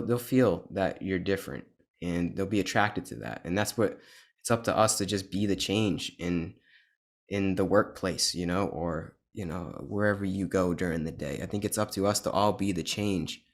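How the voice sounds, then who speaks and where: A man with a fairly low voice hosting a podcast, speaking earnestly and leaning into his points. His tone is conversational and sincere. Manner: earnest, emphatic. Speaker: podcast host. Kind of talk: casual conversation.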